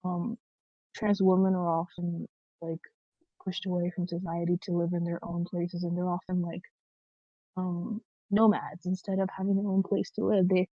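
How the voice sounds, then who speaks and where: A woman's voice: on the low side, little pitch movement, moderate pace, dry recording. A young woman co-hosting a podcast, talking earnestly with lots of likes and ums. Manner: earnest, filler-heavy with many likes and ums. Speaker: podcast co-host. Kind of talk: casual discussion. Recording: dull lo-fi dry sound.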